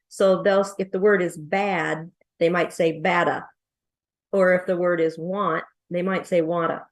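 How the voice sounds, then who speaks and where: Woman, coach, lowish voice, casual teaching tone with plenty of ums and questions. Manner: explanatory, with frequent fillers and rhetorical questions. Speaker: accent coach teaching presenters. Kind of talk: casual online lesson.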